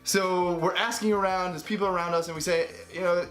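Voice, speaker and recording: A young man vlogging, telling a travel story in a lively way and acting out the people he quotes. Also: high-pitched, a little fast, soft background music. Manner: animated, acts out quoted voices. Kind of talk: storytelling to camera.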